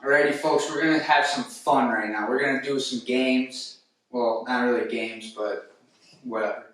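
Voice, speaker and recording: Young male host of a casual review show: rambling and filler-heavy, recorded far off in a boomy room. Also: fairly even intonation, normal speed, fairly bright tone. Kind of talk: casual comedic film review chat. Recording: very echoey room, distant mic.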